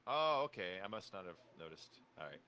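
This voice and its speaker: A man's voice: low-pitched, big pitch swings, a little fast, noisy background. A man hosting a gaming stream, chatting casually in a rambling way full of fillers. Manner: rambling, filler-heavy, lots of "like". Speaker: streamer host.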